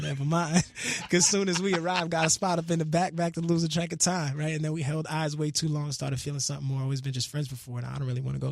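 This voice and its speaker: Relaxed man reciting his lyrics. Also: a little high, creaky, no echo, studio quality. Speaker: guest musician. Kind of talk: casual radio interview. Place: radio studio.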